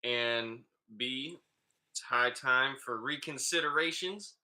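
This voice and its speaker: Bright-voiced man hosting a casual podcast. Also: mid-range voice. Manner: relaxed, loose, many filler pauses. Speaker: podcast co-host.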